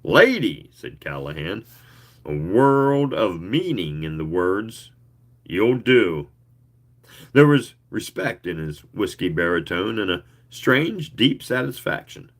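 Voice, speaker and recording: Slow, expressive male story reader. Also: sits low. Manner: leisurely, expressive reading with asides. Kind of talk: reading a story aloud.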